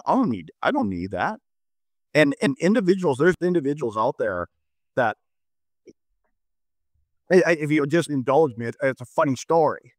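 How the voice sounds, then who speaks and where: A man's voice: mid-range voice, no room sound, clean studio sound. A middle-aged man from North Dakota, a mayor chatting casually on a discussion show, who often restarts and repeats words and tells anecdotes. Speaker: mayor, guest.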